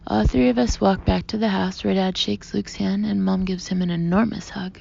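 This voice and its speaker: A woman narrating an audiobook in the first person, expressive, often sinking to a breathy half-whisper. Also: medium pitch, normal speed, few pauses. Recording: muffled lo-fi audio with faint hiss.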